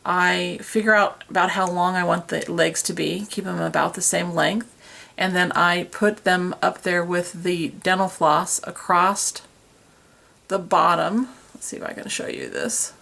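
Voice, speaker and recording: A craft tutorial host chats away while working with her hands, poking fun at herself, captured by a tripod-mounted camera. Her voice sits lowish and a bit bright, with vocal fry, a steady tone, and a slightly slow pace.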